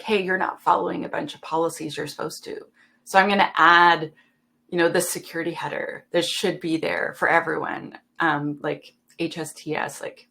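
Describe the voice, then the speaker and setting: A woman on a panel, chatting casually and telling animated stories in which she acts out the dialogue. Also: deep voice.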